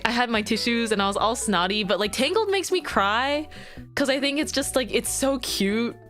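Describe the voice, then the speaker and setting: A woman's voice: mid-range voice, fairly bright tone. A woman streaming from home, chatting casually to her viewers in a bubbly, giggly way that rambles from one thing to the next. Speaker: VTuber streamer. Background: faint background music.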